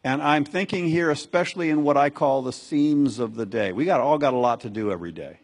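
A man's voice: mid-range voice, a little fast. A man preaching a sermon as a pastor, earnest and exhorting, repeating phrases for emphasis.

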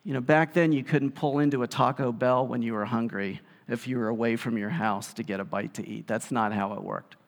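A man preaching a sermon in an animated way, often acting out the voices of the people he quotes. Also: mid-range voice, brisk, hardly any pauses. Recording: long hall reverb.

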